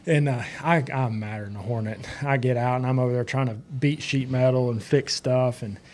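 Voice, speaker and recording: A man, a podcast guest telling racing stories in lively casual chat with frequent laughs. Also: mid-range voice, brisk. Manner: animated storyteller, laughs often, repeats words. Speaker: podcast guest, race director.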